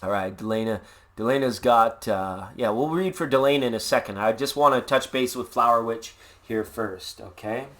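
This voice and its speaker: A man's voice: medium pitch, normal speed, a bit bright. A man hosting a casual live tarot reading, laid-back and upbeat, rambling with jokes and puns. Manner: playful, jokey, rambling with puns. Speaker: tarot reader and live stream host.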